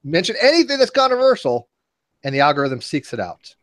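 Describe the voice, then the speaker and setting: A man's voice: fairly high pitch, very animated, a little fast, a bit bright, dry recording, clean studio sound. A man in his forties hosting a casual panel chat, rambling and joking at his own expense. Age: 40s. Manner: rambling, joking, self-mocking. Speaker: host.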